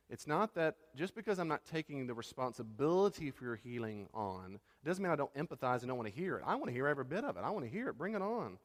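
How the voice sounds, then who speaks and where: Man, pastor giving a sermon, mid-pitched, emphatic, long reverb. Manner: emphatic, acts out quoted spouses in raised voice. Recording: reverberant hall.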